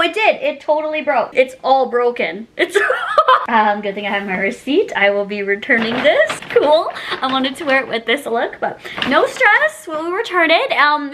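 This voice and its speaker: Young female vlogger, high lively voice, giggly haul chatter. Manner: bubbly, chatty, giggly, self-mocking. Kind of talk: casual haul chat.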